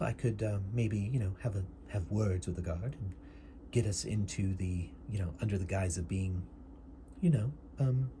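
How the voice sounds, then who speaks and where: A man's voice: fairly low pitch, darkish tone, a little hiss or hum. Man doing a pompous posh doctor. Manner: posh put-on accent, genteel. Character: pompous upper-class male doctor, adventurer.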